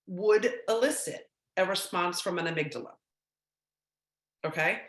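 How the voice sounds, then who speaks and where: A woman's voice: lowish voice, a bit bright, reverberant. A woman giving a talk to parents, conversational and often checking in with "right?", now and then acting out short quotes. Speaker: speaker on teen mental health.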